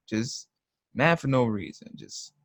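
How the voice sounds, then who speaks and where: A man's voice: mid-range voice, animated, slow pace, dry recording, studio quality. A young man hosting a live trading stream, talking in a blunt, slangy, emphatic casual rant.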